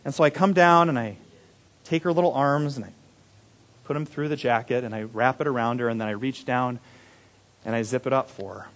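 A young adult man preaching a sermon as a pastor, telling a story with animated delivery that swings from loud emphasis to hushed, quiet moments. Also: medium pitch, a little fast, pauses often.

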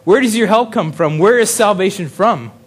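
A man's voice: high voice, lively intonation, moderate pace, slightly rough. A man preaching a casual sermon in a chatty way, chuckling often and restarting his sentences. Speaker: pastor.

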